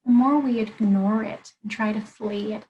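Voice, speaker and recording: A woman's voice: mid-range voice, fairly even intonation, moderate pace, highs cut off, slight background noise. A woman life coach in an interview conversation, explaining her approach earnestly and laying out her points one by one.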